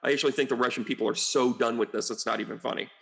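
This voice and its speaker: A man's voice: mid-range voice, very fast, gravelly. A man, a psychic medium, rambling through casual commentary full of asides and exasperated outbursts. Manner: rambling and animated, with frequent asides and mocking quotes. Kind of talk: casual political commentary monologue.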